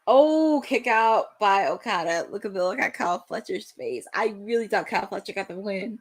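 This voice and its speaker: A young woman with a medium-pitched voice, speaking at normal speed, hosts a live wrestling watch-along. Her play-by-play is excitable and breaks into shouts at the big moments.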